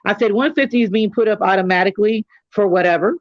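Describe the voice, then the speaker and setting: A woman's voice: medium pitch, fast talker, no echo, highs cut off. A middle-aged woman from California hosting a casual chat, telling candid stories with joking asides. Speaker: host.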